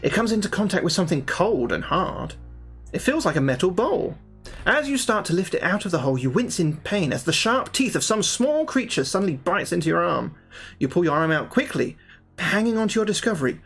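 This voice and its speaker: Reading a fantasy gamebook on his livestream, a man keeps stopping for chatty, swear-filled talk with viewers. His voice is high, very animated, a bit bright and husky, at normal speed, with faint music behind.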